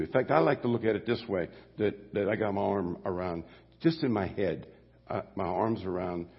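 A man's voice: low voice, breathy edge. An older man preaching a sermon as pastor, folksy and rambling, stumbling over restarts and slipping into asides. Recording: dull lo-fi audio with long hall reverb.

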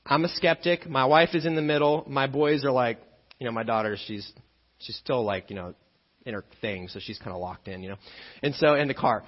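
A male pastor delivering a sermon in a middle-range voice, lively and joking as he tells a family story before turning to scripture. He acts out little scenes as he goes. The recording sounds dull and lo-fi. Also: medium pitch, a little fast, big-room sound.

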